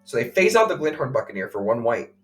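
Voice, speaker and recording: A man co-hosting a podcast, recounting a game play by play in casual chat, full of fillers and quick acted quotes. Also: medium pitch, big pitch swings, faint music behind. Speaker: podcast co-host.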